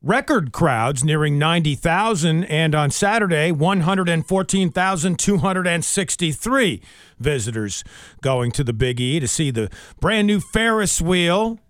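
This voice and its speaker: A male news reader on a morning radio show, steady and informative, his voice a bit high for a man. The sound is close and dry from a studio mic. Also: a little slow, no room sound. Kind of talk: reading local news on air. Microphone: radio studio microphone.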